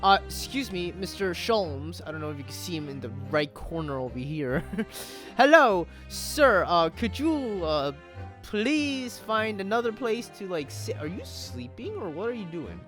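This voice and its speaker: Casual male let's-play host, rambling and jokey, very animated intonation. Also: sits high, unhurried, soft background music. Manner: rambling, joking, sweary asides. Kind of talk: casual gameplay commentary.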